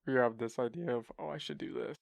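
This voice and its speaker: A man's voice: mid-range voice, quick pace, creaky, no echo, studio quality. A man hosting a casual interview podcast, asking questions and reacting briefly. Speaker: podcast host.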